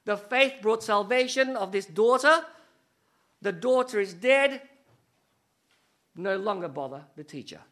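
A middle-aged man preaching a sermon as pastor, animated and storytelling, with joking asides. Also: high-pitched, measured pace, pauses often.

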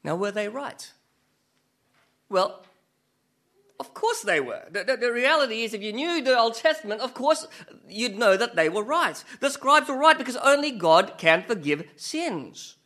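A man's voice: extremely high pitch, sing-song, a little slow, bright, forceful tone. A man preaching a conversational sermon who keeps asking his listeners rhetorical questions and jokes about himself. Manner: asks the listeners rhetorical questions, chatty and self-mocking.

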